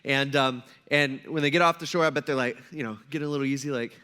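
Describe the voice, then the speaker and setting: A man's voice: medium pitch, very fast, hardly any pauses, pushed and bright, smooth. A male pastor giving a casual, storytelling sermon and acting out the people in it. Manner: casual storytelling, acts out quoted voices.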